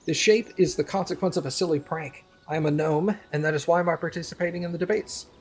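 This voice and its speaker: A man's voice: a little high, fast, slightly rough, faint music behind. A man voicing a pompous gnome scholar who has been turned into a frog, speaking formally.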